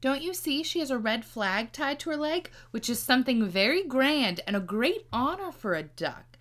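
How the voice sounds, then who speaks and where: A woman voicing a fussy, proud mother duck in a storybook reading, with slow, exaggerated delivery. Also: sits high, very animated, a bit bright, voice pushed up. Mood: instructive.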